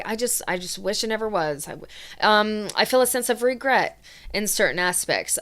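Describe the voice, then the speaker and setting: A woman tarot reader giving a reading in a soft, earnest, emotional way, voicing the feelings she channels. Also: medium pitch, clear, resonant tone.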